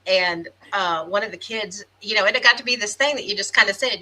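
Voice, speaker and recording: A woman's voice: medium pitch, a little fast, bright, forceful tone, rough recording. A chatty woman with a Southern American accent, co-hosting a live podcast and reading viewer comments aloud. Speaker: podcast co-host. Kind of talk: casual chat on a live stream.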